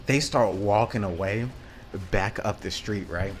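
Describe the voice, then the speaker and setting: A man's voice: fairly low pitch, unhurried, faint music behind. A man telling a loose, profane story in casual rambling style, acting out the quotes with lots of fillers. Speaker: vlogger.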